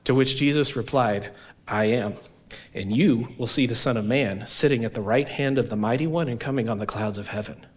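A man preaching a sermon as pastor, earnest and emphatic, often checking in with his listeners with a quick question. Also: medium pitch. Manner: earnest, emphatic, keeps asking "right?".

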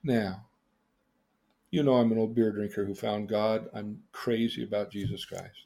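A man's voice: lowish voice, fairly even intonation, a little slow, gravelly, mellow. A man teaching about emotional independence by telling theatrical stories, exclaiming and then questioning his listener. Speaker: therapist and teacher. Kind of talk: animated storytelling lesson.

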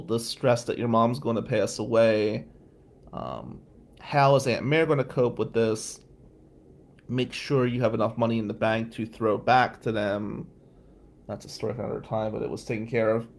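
The voice is mid-range and creaky, holding a steady tone at a moderate pace. It belongs to a middle-aged podcast-hosting attorney from Atlantic City, New Jersey, who sounds exhausted as he tells profane, ranting stories in a casual monologue.

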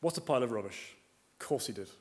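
A man preaching a sermon, moving between emphatic and quiet passages and asking rhetorical questions. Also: mid-range voice, animated, fast. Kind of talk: expository sermon.

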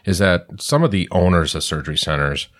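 A very low-pitched man in his sixties talks quickly and earnestly, pressing his points and repeating them for emphasis. His delivery is conversational but insistent. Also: animated. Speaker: podcast host on surgery center quality. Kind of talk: conversational discussion.

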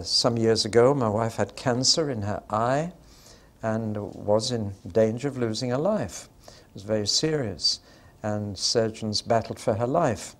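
An older man, preaching a Bible teaching to his congregation in a conversational, explanatory way with bursts of dramatic emphasis. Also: lowish voice.

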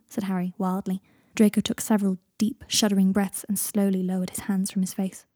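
A woman reading a fan-written story aloud in calm, even audiobook narration. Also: medium pitch, quick pace, hardly any pauses, breathy edge, no echo, studio quality. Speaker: fan fiction reader.

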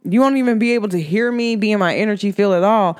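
A woman's voice: medium pitch, fast, a little mellow, clean tone. A woman who reads energy and makes candles, talking bluntly and with animation in a casual podcast monologue. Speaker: spiritual reader and candle maker.

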